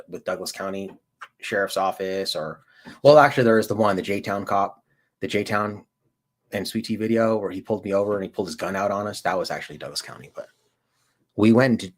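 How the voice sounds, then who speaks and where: A man hosting a livestream, chatting casually with viewers in a rambling, slangy way, full of "dude" and "like". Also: on the low side. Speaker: livestream host and auditor. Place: lives in Colorado.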